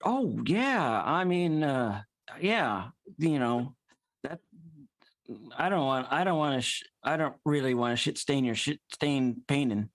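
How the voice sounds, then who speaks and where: A man's voice: mid-range voice, lively intonation, measured pace, no room sound. A man performing an improvised comedy scene, hesitant and full of fillers. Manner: hesitant, many ums and uhs. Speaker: improv player.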